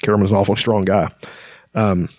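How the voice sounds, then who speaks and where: Low-voiced man chatting about books. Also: flat delivery, fairly quick, darkish tone, dry recording. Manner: conversational, frequent filler words. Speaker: book reviewer. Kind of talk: casual book discussion.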